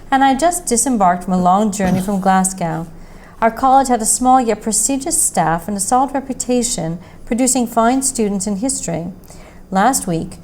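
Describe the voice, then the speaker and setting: A woman's voice: medium pitch, a little mellow, slight background noise, low-quality recording. Woman reading a mystery story aloud. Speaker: story reader.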